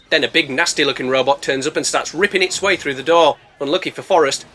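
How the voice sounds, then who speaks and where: A man narrates a comedic movie recap into a voice-over mic. His voice sits fairly high and sounds bright and forceful. He keeps up sarcastic jokes and slang throughout. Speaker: movie reviewer.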